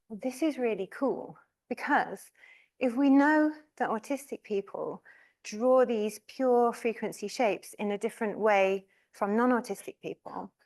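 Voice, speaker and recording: A woman delivers a university lecture in a loose, conversational way. Her voice is fairly high-pitched, and she talks with an easy, informal manner. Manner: chatty and informal, with laughs and fillers. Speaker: professor giving an inaugural lecture.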